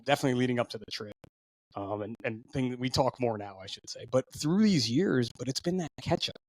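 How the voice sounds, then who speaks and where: Male podcast co-host, mid-pitched, loose rambling storyteller, dry close mic. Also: dry recording. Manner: rambling storyteller, lots of fillers and restarts. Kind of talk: casual podcast chat.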